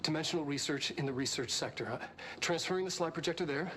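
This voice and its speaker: Male scientist, played by an actor, brisk clipped memo, slightly high, noisy game audio. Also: a bit bright, lightly acted.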